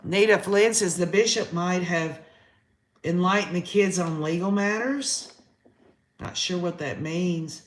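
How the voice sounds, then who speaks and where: A man's voice: high-pitched, unhurried, reverberant. A man hosting a live-stream trial recap, reading chat comments aloud and reacting with emotion. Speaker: host.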